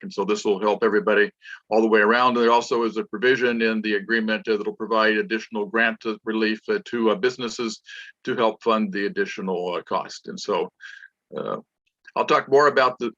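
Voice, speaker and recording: A man giving a brief, measured report at an online meeting, pausing on many uhs. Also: fairly low pitch, steady tone, a bit bright, no room sound. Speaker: meeting speaker. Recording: dull, dry video-call audio.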